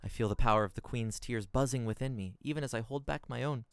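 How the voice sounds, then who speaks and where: A man's voice: medium pitch, fast talker, clear, resonant tone, dry recording. A man streaming a video game, commenting casually and reading game text aloud in a playful, goofy way.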